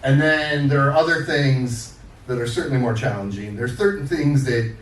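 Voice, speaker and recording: A man's voice: medium pitch, normal speed. Man chatting between poems at an open mic. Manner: friendly, laughing, filler-heavy asides. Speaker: featured poet. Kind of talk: casual banter at an open mic. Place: live open mic at a studio. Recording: roomy, distant mic, faint room noise.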